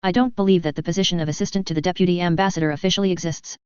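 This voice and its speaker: A woman reading the lines of a calm, firm male ex-Marine sergeant in an even, professional way. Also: lowish voice, very fast, smooth, no room sound, close to an everyday voice. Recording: dull, muffled recording.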